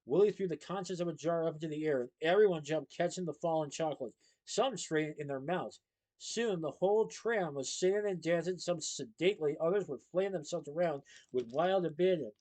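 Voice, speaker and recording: Somewhat high-voiced man reading a story. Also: a little fast, a little mellow, low-quality recording. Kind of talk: reading a children's novel aloud.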